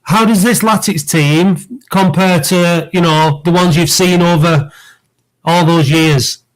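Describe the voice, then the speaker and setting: A man's voice: high voice, fairly even intonation, slow, poor audio. A man co-hosting a football fan phone-in, pressing his points emphatically. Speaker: co-host.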